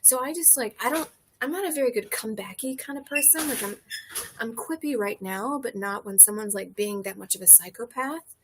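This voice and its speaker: A woman's voice: a little high, fairly quick, noisy background. A woman comedian in casual chat, telling candid, profane stories full of fillers, recorded outdoors on a porch.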